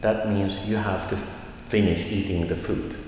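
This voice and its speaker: A male language teacher giving a lesson, saying example sentences slowly and then going through each word. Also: deep voice, steady tone, a little mellow, a little hiss or hum. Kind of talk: slow explanatory lesson. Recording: echoey room with long reverb.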